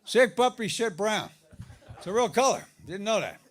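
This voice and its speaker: A middle-aged man doing a stand-up comedy set, telling stories about his marriage, his voice jumping up high for the punchlines. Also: moderate pace. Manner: animated storytelling, voice jumps up for punchlines. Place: live comedy venue with audience laughter.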